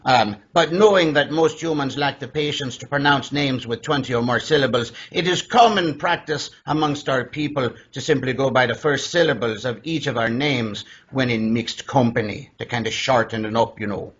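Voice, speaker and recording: A man with a husky voice playing a formal, mock-solemn male visitor from the stars, recorded in dull lo-fi. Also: mid-range voice, moderate pace, hardly any pauses, fairly bright tone, voice pushed down.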